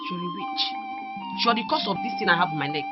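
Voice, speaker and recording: A woman's voice: fairly low pitch, animated, fast, lightly acted. An actress playing a hot-tempered young woman who bullies her sister, speaking with a Nigerian accent. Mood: accusing. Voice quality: loud, combative. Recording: dull lo-fi film audio with music.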